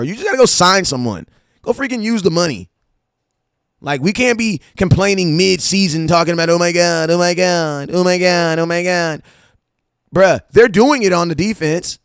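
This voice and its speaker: Animated slangy man, dry mic. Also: on the high side, no room sound. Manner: animated, slangy, storytelling with asides. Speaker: sports podcast host. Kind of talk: casual fan commentary.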